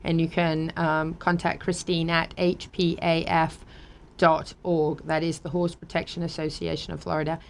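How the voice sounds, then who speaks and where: British woman host, slightly low voice, chatty, laughs easily, reads sponsor plugs. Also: little pitch movement, moderate pace, slight background noise. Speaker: talk show host. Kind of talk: casual chat.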